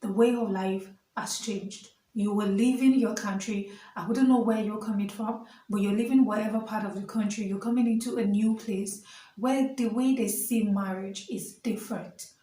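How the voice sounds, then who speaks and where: A woman's voice: medium pitch, fairly even intonation, moderate pace, dark tone, reverberant, distant mic, rough recording. A young Nigerian woman vlogging to camera while standing, chatty and earnest, with many fillers and asides. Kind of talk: casual vlog talk to camera.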